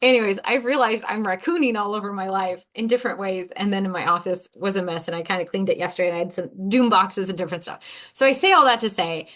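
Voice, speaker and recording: Talking fast in a mid-range, fairly bright voice, an ADHD coach runs her own podcast alone. Her casual monologue wanders, with sentences left unfinished, repeated words and easy laughter.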